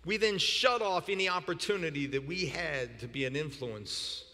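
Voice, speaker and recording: A man preaching a sermon as pastor, animated, often repeating words and breaking into shouts for emphasis. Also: on the high side, normal speed. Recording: long reverb in a hall.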